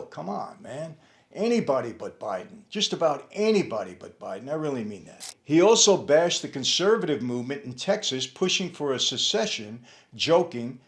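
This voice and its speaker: A man's voice: medium pitch, fairly bright tone. A man giving opinion commentary, speaking emphatically and repeating his points, often talking straight to the person he is reacting to. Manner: addresses the absent host directly.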